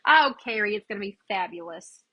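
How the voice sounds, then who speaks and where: A woman's voice: medium pitch, lively intonation, fairly quick, slightly rough, lo-fi sound. A chatty woman, hosting a casual live crafting demo and greeting viewers by name as she works. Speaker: craft livestream host.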